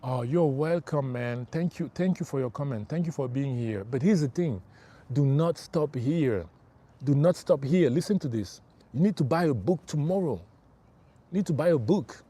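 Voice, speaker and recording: A man's voice: mid-range voice, animated, normal speed, warm tone, slightly rough. A middle-aged man working as a spiritual life coach, giving an emphatic motivational livestream talk. He repeats his key phrases and calls his listeners bro.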